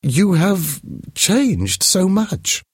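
A man reading a story aloud, voicing an elegant, wealthy woman in a high falsetto as she reacts with surprise and pity. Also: big pitch swings, extremely slow, breathy edge, dry recording, studio quality, full character voice. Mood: surprised.

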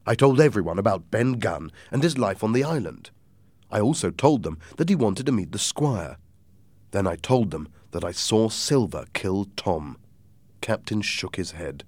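A man's voice: lowish voice, expressive, normal speed, darkish tone, dry recording. A man reading a story aloud as audiobook narration, giving each character a voice.

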